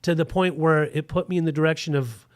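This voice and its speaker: A man's voice: on the high side, steady tone, quick pace, dry recording, studio quality. A man in his forties telling a frank, rambling story in a casual podcast interview, with plenty of "like" fillers.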